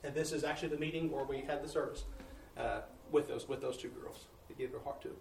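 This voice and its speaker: A man's voice: medium pitch, fairly even intonation, quick pace, creaky, slight background noise. A man, a missionary preacher telling testimonies in a folksy sermon style, acting out the dialogue. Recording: echoey room, distant mic, faint ambience.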